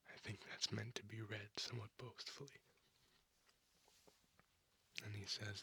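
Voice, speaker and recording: A man reading a comic aloud in a slow, hushed ASMR style on a binaural microphone, with many fillers. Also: on the low side, level tone, gravelly, slightly rough, no room sound. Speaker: comic reader.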